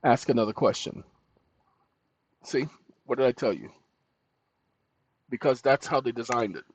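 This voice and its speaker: A man hosting casual screen-recording commentary, animated and scolding as he talks to a chatbot and his viewers. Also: mid-range voice, a little slow. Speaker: channel host. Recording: dull dry lo-fi mic.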